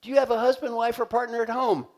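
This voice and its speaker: A man giving a live leadership seminar in a large conference hall, energetic and joking as he leads the audience in call-and-response. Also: very high voice, fast. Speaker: leadership coach and keynote speaker. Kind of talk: live motivational seminar talk.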